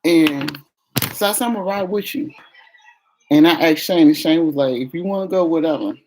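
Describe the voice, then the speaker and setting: A woman telling a personal story to her viewers in a casual chat, acting out the quoted voices by pitching up. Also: moderate pace, slight background noise. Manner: animated, acts out quoted voices with raised pitch. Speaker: vlogger.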